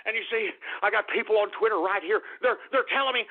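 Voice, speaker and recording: High gravelly ranting man, tinny audio. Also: fast, few pauses. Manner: exasperated, shouting, rambling. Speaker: radio show host. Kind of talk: ranting comedic radio monologue.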